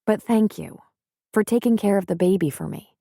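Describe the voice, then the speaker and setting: A woman's voice: mid-range voice, lively intonation, normal speed, gravelly, mellow, dry recording. Lady reading young city nurse, earnest and kinda rattled, dry sound. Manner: earnest, candid, upset.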